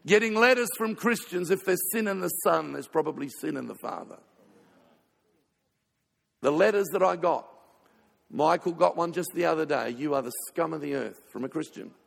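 A man pastor preaching a sermon, telling stories with sudden swings between loud passages and hushed ones. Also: fairly high pitch, expressive, normal speed, vocal fry, long pauses. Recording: reverberant hall.

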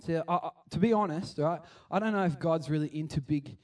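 A man giving a chatty, animated sermon and acting out the scenes he tells. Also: on the high side, fairly quick, distant mic. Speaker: preacher. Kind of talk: casual sermon.

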